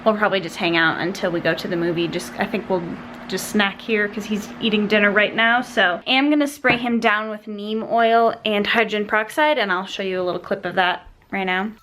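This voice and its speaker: A woman's voice: mid-range voice, steady tone, fairly quick, a bit bright, a little hiss or hum. A young woman vlogging casually to her camera, chatty and bubbly, rambling through her day. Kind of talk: casual vlog talking to camera. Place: at home indoors.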